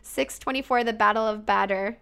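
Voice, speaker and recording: Chatty excitable woman in her twenties. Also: on the high side, moderate pace, vocal fry, smooth. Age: 20s. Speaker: podcast guest co-host. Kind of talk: casual chat.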